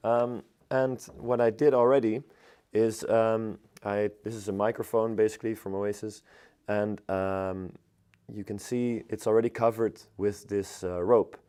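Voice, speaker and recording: A hoarse man teaching floristry on a live stream, talking in a halting, chatty way with lots of filler sounds. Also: fairly low pitch, little pitch movement, dark tone. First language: Dutch. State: hoarse, strained voice. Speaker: florist teacher hosting a livestream. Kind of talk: live demonstration, chatty and unscripted.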